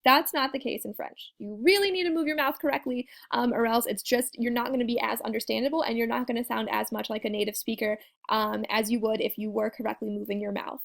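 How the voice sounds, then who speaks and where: A young woman teaching a French pronunciation lesson, encouraging and demonstrating sounds slowly with repetition. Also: on the high side, steady tone, vocal fry. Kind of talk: video language lesson.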